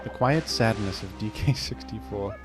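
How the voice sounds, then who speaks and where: A man's voice: fairly low pitch, moderate pace, music in the background. A young man streaming a game, reading chat with dry, joking banter. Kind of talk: casual gameplay commentary.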